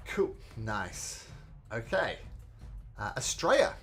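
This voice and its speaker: A man narrating as game master in a tabletop game, describing attacks and rolls in a lively way. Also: on the low side, takes it slowly. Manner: lively, voices monsters and reads out rolls. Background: background music.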